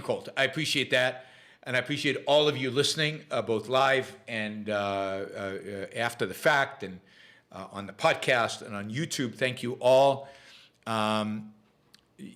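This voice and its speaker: A middle-aged man with an Israeli accent, a native Hebrew speaker, hosting a live podcast Q&A in a casual, halting way with many fillers and restarts. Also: medium pitch, fairly bright tone. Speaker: podcast host. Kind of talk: live-stream Q&A chat.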